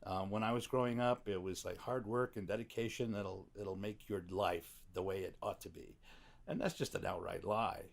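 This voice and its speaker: A man's voice: on the low side, fairly even intonation, moderate pace, gravelly. A man speaking as a podcast guest in a studio back room, reflective and wry, with a teasing humor. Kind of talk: casual conversation.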